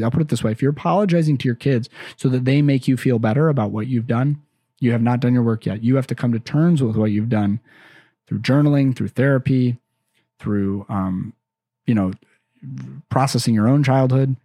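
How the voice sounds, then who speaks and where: A man with a mellow, slightly husky voice hosts a parenting podcast and speaks in an earnest, chatty way. He often repeats and restarts his phrases. The sound is dry and close, with no room echo. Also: mid-range voice. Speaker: parenting podcast host and counselor. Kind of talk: casual advice talk.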